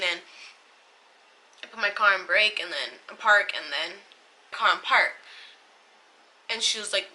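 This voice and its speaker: A young woman telling a personal story on her vlog in a casual, halting way, turning tearful. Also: mid-range voice, pushed and bright, slight background noise, low-quality recording. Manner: emotional, tearful retelling, halting. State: crying at times. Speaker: vlogger.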